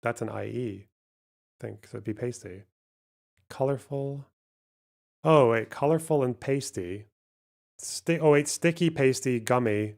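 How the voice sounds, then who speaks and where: A man's voice: medium pitch, unhurried, gravelly, long pauses, darkish tone. A man hosting a live stream, reading out donations and thinking aloud over a word puzzle, muttering and swearing as he goes. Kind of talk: casual live stream chat.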